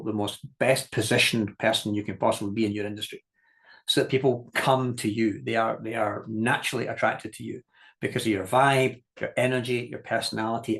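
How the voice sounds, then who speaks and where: Man coaching with lively stories. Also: medium pitch. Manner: lively storytelling, acts out quoted voices, laughs often; direct, repeats key points for emphasis. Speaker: business coach. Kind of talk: masterclass teaching talk.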